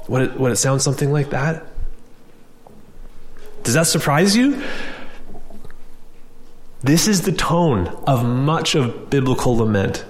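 A man's voice: mid-range voice, lively intonation, slow pace, long pauses, in a large hall. A man preaching a sermon in an earnest, direct way, often restarting and repeating words.

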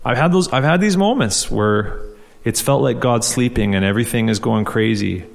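A man's voice: mid-range voice, moderate pace, creaky. A male pastor preaching a conversational sermon, asking rhetorical questions and repeating key phrases for emphasis. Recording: long hall reverb.

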